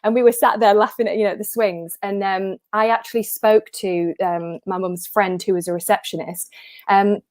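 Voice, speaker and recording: A woman in her thirties telling stories in a chatty, animated way on a live-streamed chat show, slipping into the voices of people she quotes. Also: mid-range voice, moderate pace, no echo. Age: 30s. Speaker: impressionist and show guest.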